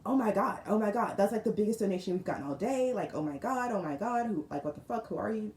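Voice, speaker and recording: A woman voicing a bubbly young female student fundraiser who gushes and talks fast. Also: mid-range voice, animated, darkish tone, close to an everyday voice. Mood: gushing. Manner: gushing, breathless, talking fast. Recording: roomy room with faint noise.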